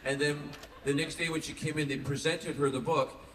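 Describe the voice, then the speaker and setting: On a convention panel, a man with a fairly high voice tells stories quickly and animatedly, chuckling along the way. The recording is echoey and noisy, captured from a distant mic in a large convention hall.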